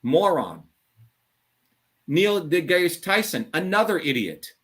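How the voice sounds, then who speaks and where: Blunt, combative middle-aged man, slightly high. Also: very animated, slow pace, a bit bright. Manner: blunt, combative, swearing, emphatic. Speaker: show host. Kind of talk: heated call-in monologue.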